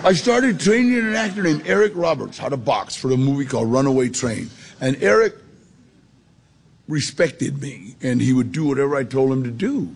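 A middle-aged man with a gravelly voice telling his life story in a street-casual, gritty way. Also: medium pitch, animated, normal speed. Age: 40s or older. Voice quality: gravelly, husky. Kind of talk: storytelling testimony.

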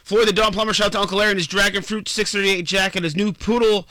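A man reads listener messages on morning radio, quick and playful. His voice is bright and forceful, and the studio sound is dry and close. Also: sits high, steady tone, no echo. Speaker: radio show host. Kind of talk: morning radio shout-outs.

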